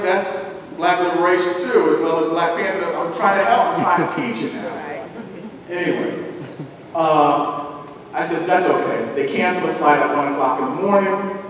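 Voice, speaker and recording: A man giving a talk as a guest speaker, telling a personal story in a lively way and acting out the voices of the people in it. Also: fairly high pitch. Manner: animated, acts out voices in his story. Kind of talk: storytelling lecture. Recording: echoey hall recording from far off, noisy.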